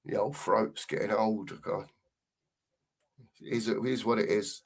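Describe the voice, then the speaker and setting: A man's voice: on the low side, steady tone, creaky. A man co-hosting a live football watchalong, giving casual commentary and reading out chat messages with plenty of banter. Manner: banter-filled, drawn-out emphasis on goal calls.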